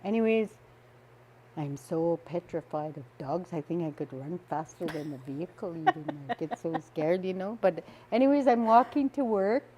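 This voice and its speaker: A woman's voice: fairly low pitch, expressive, moderate pace, dark tone, slight background noise. An older woman from the Northwest Territories of Canada, casually telling a personal story and laughing often as she goes. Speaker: storyteller guest.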